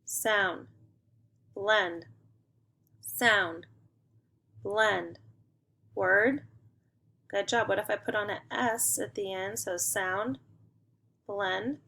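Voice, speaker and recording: A young woman teaching a phonics lesson to young students, slowly sounding out and blending words and praising them. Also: mid-range voice, gravelly, bright, forceful tone. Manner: slow, encouraging, sounding out words.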